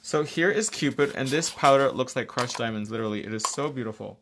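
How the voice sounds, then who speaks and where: A man's voice: medium pitch, a little fast, creaky, background noise. A man hosting a live nail tutorial, explaining each step while bantering playfully with a co-host and viewers and slipping in the odd bit of Spanish.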